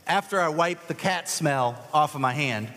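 A man's voice: fairly high pitch, normal speed, bright, forceful tone, a little hiss or hum. A man preaching in a large hall, his voice trailing off into a long reverb. He talks in a casual, joking way and makes fun of himself while bringing volunteers up front. His voice is a little cracked. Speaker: pastor. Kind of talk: sermon with a live object lesson.

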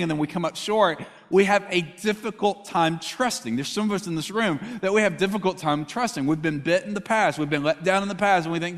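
A pastor delivers a sermon in a chatty, conversational way, often turning to ask the congregation questions. His voice sits high for a man, and a long reverb from a large hall trails behind every phrase. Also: brisk, hardly any pauses, a bit bright. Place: church hall.

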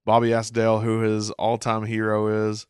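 A man's voice: fairly low pitch, completely flat delivery, moderate pace, clear, resonant tone. A man with a mid-range voice who recaps a cartoon episode in a loose, casual way, chuckling often and reading out captions. The sound is close and dry, with no room echo. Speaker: show recap host.

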